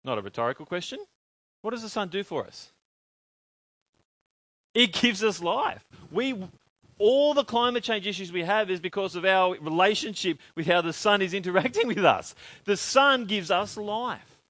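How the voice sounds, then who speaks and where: Animated preacher with a dry, close sound. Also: male voice, high voice, moderate pace, dry recording. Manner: animated, asks the congregation questions. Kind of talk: sermon.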